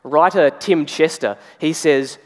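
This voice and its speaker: A man giving a sermon as a pastor, talking conversationally with dramatic pauses. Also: fairly high pitch. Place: church hall. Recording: long hall reverb.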